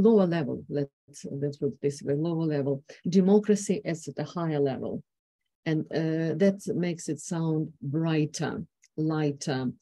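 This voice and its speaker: A woman's voice: low voice, warm tone, no echo. Woman giving a hesitant conference talk. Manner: hesitant, many fillers and restarts. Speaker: conference speaker. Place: conference hall.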